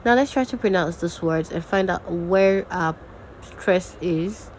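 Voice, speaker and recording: Slow, patient woman teaching. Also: on the low side, slight background noise, low-quality recording. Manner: slow, patient, repeats example words aloud. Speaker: diction and grammar tutor. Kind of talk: recorded teaching lesson.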